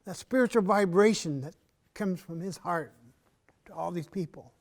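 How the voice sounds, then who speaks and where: In an arts center, a man with a high voice performs a traditional story. He is measured and unhurried, leaves long pauses, and often drops to a soft voice.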